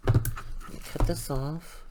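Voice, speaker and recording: A woman who runs a crafting channel works on a project while telling an indignant, animated story about a customer service complaint. She speaks slowly, and there's noise in the background.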